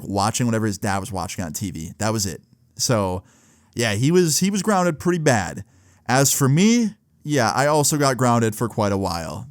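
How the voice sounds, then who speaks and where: Young adult male, relaxed storyteller, slangy and profane, mid-pitched, dry close sound. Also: no room sound. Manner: laid-back, filler-heavy with frequent "like" and swearing. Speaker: vlogger. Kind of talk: casual storytime.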